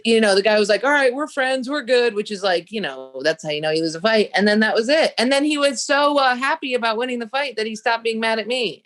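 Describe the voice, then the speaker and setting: A young woman, a comedian guest on a talk show, telling a story in casual chat, profane and acting out the voices of the people in it. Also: fairly high pitch. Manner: animated, profane, acts out quoted voices.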